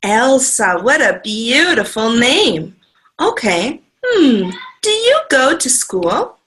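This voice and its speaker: An American woman teaching English online to a young child, talking slowly and over-enunciating in a sing-song way. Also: a little high, very animated, fairly bright tone. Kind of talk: slow exaggerated talk to a young learner.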